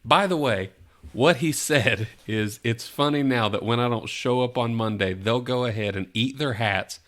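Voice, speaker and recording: A man with a medium-pitched, fairly bright voice hosts a casual movie podcast at a moderate pace. He runs a guessing game, dropping playful hints, joking around and laughing often.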